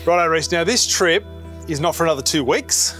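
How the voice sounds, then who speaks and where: An Australian man with a fairly high voice hosts a fishing show in a casual, teasing way, laughing often. Music plays behind him. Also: fairly quick, bright, forceful tone. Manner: jokey, teasing, laughs a lot. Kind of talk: casual chat.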